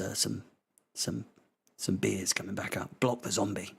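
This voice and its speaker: Man, whispered football commentary, gravelly, husky, joking banter, fan watchalong host. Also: on the low side, fairly even intonation, measured pace. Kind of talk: casual live match commentary.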